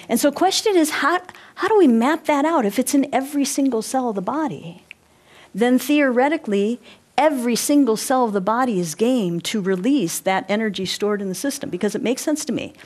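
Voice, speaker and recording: A woman presenting a live workshop, animated, guiding listeners through movements and often checking in with them. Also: on the low side. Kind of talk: live interactive workshop talk.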